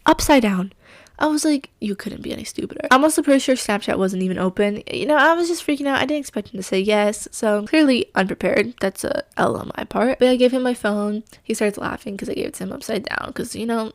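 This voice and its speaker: A woman's voice: a little high, fast talker, hardly any pauses, no room sound. A young woman telling a story casually to camera, chatty and full of fillers, acting out what people said. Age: young adult. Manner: chatty, lots of fillers, acts out quotes. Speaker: vlogger.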